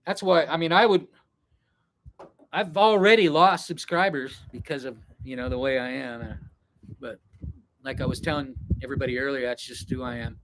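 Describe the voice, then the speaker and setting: A man vlogging live to his viewers, talking in a meandering, reflective way while he packs for a trip. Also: a little high. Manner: meandering, reflective, talks straight to chat. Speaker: travel vlogger on a live stream. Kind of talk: rambling casual live chat. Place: indoors, packing for a trip.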